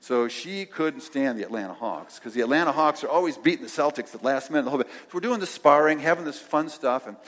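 A man's voice: medium pitch, fast, hardly any pauses. Older man preaching in a reverberant hall. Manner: animated storyteller acting out dialogue, dropping to soft tones. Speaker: pastor. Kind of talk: sermon storytelling.

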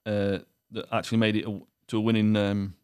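A man's voice: on the low side, little pitch movement, brisk, darkish tone, smooth, no echo, clean studio sound. A young man hosting a casual podcast, teasing his co-host with jokes, laughter and the odd swear word while running a quiz. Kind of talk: casual banter.

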